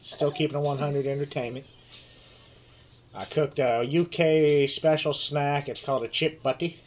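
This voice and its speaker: A man from the United States co-hosting a podcast in casual banter, animated, joking and quick to defend himself. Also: a little high. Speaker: podcast co-host.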